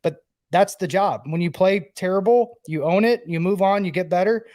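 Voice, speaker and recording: A man with a notably high speaking voice talks casually on a sports podcast, loose and rambling. He was a player and now works in broadcasting, and he fills his sentences with "like". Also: normal speed, a little mellow. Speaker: co-host, former player and broadcaster.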